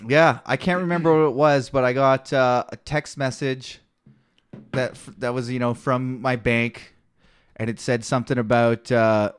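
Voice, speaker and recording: A man co-hosting a podcast in casual chat, making crude deadpan jokes and telling stories. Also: medium pitch, moderate pace, smooth. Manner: deadpan, crude jokey asides. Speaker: podcast co-host.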